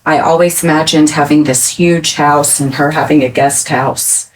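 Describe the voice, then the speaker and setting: A woman's voice: low voice, steady tone, normal speed. A woman hosting a podcast, open and sympathetic as she shares her own story. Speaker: podcast host. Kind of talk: candid interview talk. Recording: voice a bit distant from the mic.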